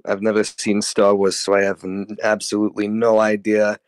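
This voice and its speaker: A man co-hosting a comedic podcast, speaking in a laid-back, deadpan, matter-of-fact way. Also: fairly low pitch, moderate pace, dry recording, studio quality. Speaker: podcast co-host. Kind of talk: comedic vtuber podcast banter.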